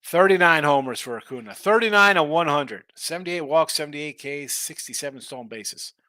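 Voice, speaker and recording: A man's voice: fairly high pitch, lively intonation, fairly quick, pushed and bright, dry recording. A man hosting a sports betting live stream, rambling and thinking aloud in casual chat. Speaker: sports betting show host.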